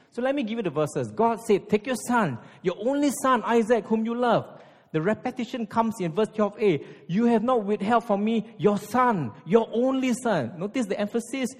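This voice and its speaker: Man preaching with emphatic, hall-echo voice. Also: fairly high pitch. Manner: emphatic, rhetorical questions, drops to hushed intensity. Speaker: pastor. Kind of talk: sermon. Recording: long hall reverb.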